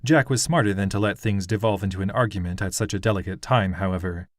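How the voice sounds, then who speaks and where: A man narrating a fantasy audiobook in a steady, even storytelling manner. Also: sits low, quick pace, dry recording, studio quality.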